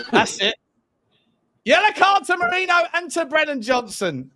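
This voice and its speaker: A man hosting a football watch-along, reacting with animated, mocking banter. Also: very high voice, slow. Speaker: host.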